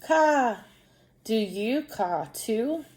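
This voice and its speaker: A woman reading aloud and voicing a small friendly crow in a picture book, with a high cheerful voice and loud caws. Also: animated, takes it slowly. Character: small friendly crow asking other animals.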